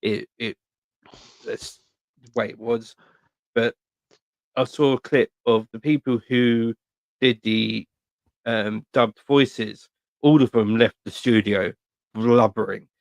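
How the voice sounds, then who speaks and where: A man's voice: medium pitch, slow, long pauses, no echo. Rambling, swearing man in casual chat. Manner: rambling, animated storytelling, heavy swearing, lots of fillers. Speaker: podcast co-host.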